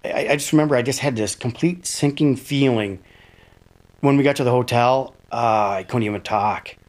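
A middle-aged man from Minnesota, a high school science teacher, recalling events in an interview with halting restarts and fillers. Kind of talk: interview recollection.

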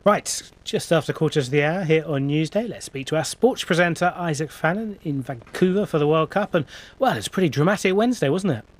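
A man presenting radio news, brisk and friendly as he hands over to guests. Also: a little high, expressive.

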